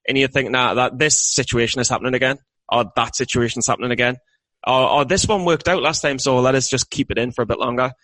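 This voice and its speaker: A man's voice: medium pitch, steady tone, quick pace, fairly bright tone, no echo, poor audio. A British man co-hosting a podcast, talking casually in a rambling, self-deprecating way with many restarts. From Britain. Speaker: podcast co-host. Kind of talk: casual chat.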